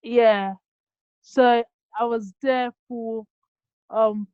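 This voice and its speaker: A woman's voice: on the high side, fairly even intonation, extremely slow, dry recording. A young Nigerian woman answering interview questions on a video call, hesitant with many ums and restarts. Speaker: guest QA engineer. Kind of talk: casual online interview. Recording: dull dry video call audio.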